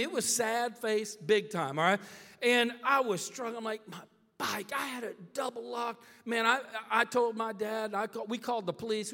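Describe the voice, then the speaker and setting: High, bright-voiced preacher man in a hall. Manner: animated, dramatic, keeps checking in with "all right?" and "okay?". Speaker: pastor. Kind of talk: storytelling sermon. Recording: long reverb of a big hall.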